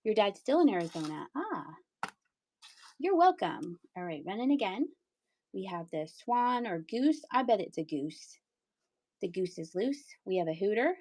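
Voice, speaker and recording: Chatty and playful, this middle-aged woman from Pennsylvania runs a live-stream sale, giggling and slipping into sing-song asides. She has a mid-range, slightly mellow voice.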